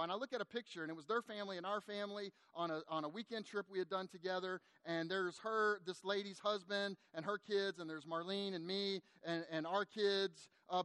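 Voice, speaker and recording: A middle-aged male pastor delivers a sermon in an easy, conversational way, turning animated as he talks straight to his listeners. His voice sits noticeably high for a man. The sound is dry and close, with almost no room around it. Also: no room sound. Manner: conversational, animated, addresses the congregation directly.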